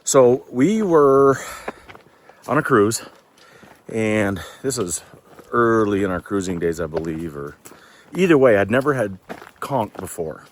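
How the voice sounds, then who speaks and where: A man's voice: on the low side, expressive, a little slow, long pauses, a little hiss or hum. A man telling casual, folksy stories while hiking outdoors, a little out of breath from climbing. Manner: chatty, loose and folksy, swears casually. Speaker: thru-hiker vlogger.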